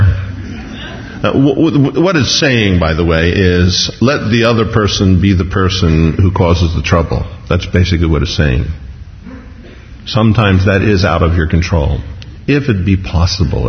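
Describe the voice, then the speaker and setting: A man's voice: low voice, lively intonation, moderate pace. A man preaching a sermon, telling stories in a chatty, self-mocking way and often laughing. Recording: echoey hall, dull lo-fi sound.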